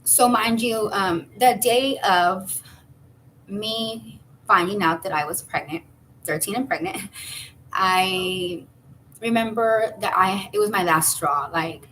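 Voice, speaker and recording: A woman's voice: slow pace, a bit bright, a little hiss or hum, rough recording. A woman in her thirties telling a personal story casually, rambling with fillers and restarts. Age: 30s. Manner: acts out quoted voices with high jumps. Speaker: vlogger.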